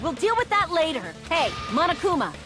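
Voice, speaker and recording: A man doing a high eager schoolgirl. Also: huge pitch swings, fairly quick, over music, full character voice. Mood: urgent. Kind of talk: let's play character voice.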